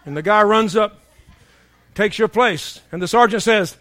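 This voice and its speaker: A man preaching a sermon, emphatic and humorous, swinging between shouting and hushed tones as he tells stories. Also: sits high, normal speed, dry recording. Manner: storytelling with humor.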